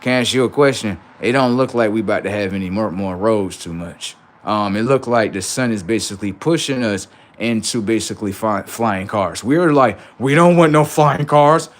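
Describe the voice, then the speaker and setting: A man's voice: on the low side, a little fast, hardly any pauses. Preachy man ranting on a livestream. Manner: preachy, rhetorical, acts out both sides of imagined exchanges; casual slangy speech, frequent swearing. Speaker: livestream host. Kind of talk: casual livestream monologue.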